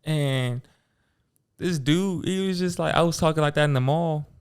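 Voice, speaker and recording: Young male co-host, gravelly voice, slangy and easygoing banter. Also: on the high side, moderate pace. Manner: laid-back, joking, slangy. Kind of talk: casual chat.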